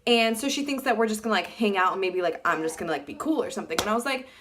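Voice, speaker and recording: A young woman telling a personal story to camera in casual chat, animated and full of "like", acting out what people said. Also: mid-range voice, rapid-fire, noisy background. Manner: animated, fillers like "like" throughout, acts out quotes. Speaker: vlogger.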